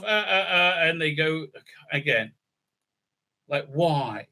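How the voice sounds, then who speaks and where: A man's voice: on the high side, expressive, slow, bright, forceful tone. A man ranting through a recap review, sarcastic and profane, full of stammering fillers. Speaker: show reviewer.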